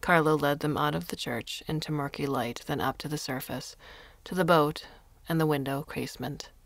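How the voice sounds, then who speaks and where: A woman narrating a short story in a measured storytelling manner into a close mic. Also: low-pitched, steady tone, vocal fry, no room sound. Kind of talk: scripted narration.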